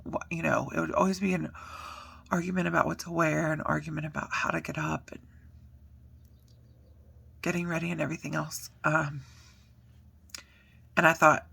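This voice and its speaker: Gravelly, bright-voiced mom telling a story. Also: female voice, low voice, level tone, normal speed, pauses often. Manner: chatty, earnest, many fillers, acts out quotes. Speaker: mother documenting a diet change. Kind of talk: personal vlog storytelling.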